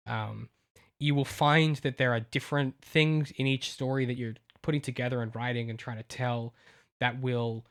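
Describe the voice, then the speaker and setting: Male co-host, novelist, emotional and rambling, mid-pitched. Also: creaky, a bit bright. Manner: emotional, rambling with many restarts. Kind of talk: casual chat.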